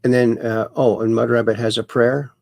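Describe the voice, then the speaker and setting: Gravelly, chatty man hosting a livestream. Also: mid-range voice, flat delivery, normal speed, darkish tone, no echo. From Ireland. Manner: chatty, folksy, reads comments aloud with wordplay. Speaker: show host reading live chat. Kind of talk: casual livestream chat.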